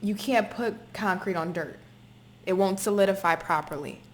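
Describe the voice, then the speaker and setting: A woman's voice: medium pitch, normal speed. Emphatic woman giving a tarot reading. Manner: emphatic, repetitive, swears freely. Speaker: tarot reader. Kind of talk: spoken tarot reading to camera.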